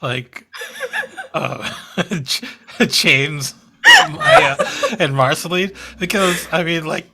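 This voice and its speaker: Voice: medium pitch, wildly swooping pitch, very slow, sharp tone, a little hiss or hum. A player rambling defensively in character during a tabletop game. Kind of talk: in-character tabletop role-play.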